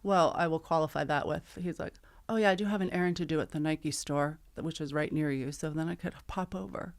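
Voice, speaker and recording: A middle-aged woman co-hosting a podcast chats easily through a story, playing out the texts and dialogue with lots of laughs. Her voice sits low and she speaks briskly.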